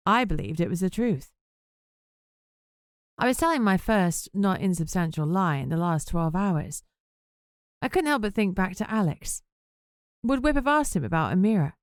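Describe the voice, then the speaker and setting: A woman's voice: on the low side, a little mellow, no echo, clean studio sound. Woman narrating a chatty audiobook. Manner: first-person narration with wry, chatty asides.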